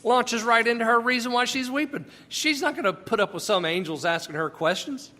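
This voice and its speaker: Bright high-voiced man teaching scripture. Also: brisk, in a large hall. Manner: folksy, conversational, emphatic. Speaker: Bible teacher. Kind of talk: podcast Bible teaching.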